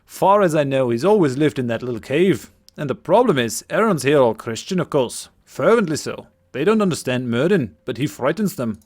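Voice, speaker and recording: A man's voice: mid-range voice, big pitch swings, a little fast, hardly any pauses, darkish tone. A man voicing a young male apprentice with an overdone put-on Scottish accent, talking anxiously and earnestly.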